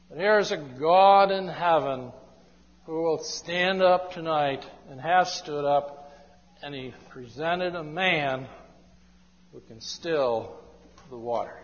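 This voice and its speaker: A male preacher delivers a sermon in a slightly high voice, drawing his phrases out very slowly. The recording is dull and lo-fi, and long reverb rings through the church hall. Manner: slow, emphatic, drawn-out phrasing. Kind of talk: evangelistic sermon.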